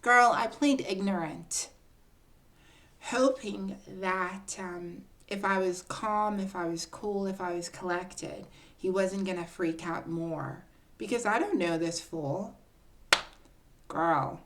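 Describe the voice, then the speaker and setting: A woman telling a personal story to her viewers in a casual, confiding storytime, often calling her listeners "girl" and building drama with pauses. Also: mid-range voice, a bit bright. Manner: chatty, confiding, keeps addressing listeners as "girl".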